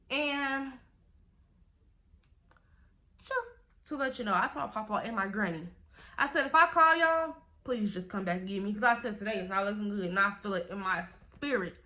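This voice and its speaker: A young woman, telling a casual storytime vlog in an animated, slangy way, acting out the quotes. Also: mid-range voice. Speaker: vlogger.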